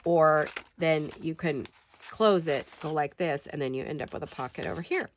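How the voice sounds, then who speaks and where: A woman's voice: low voice, normal speed, slight background noise. A woman with a stuffed-up nose from a head cold gives a chatty, rambling, self-deprecating paper-craft tutorial in her home studio.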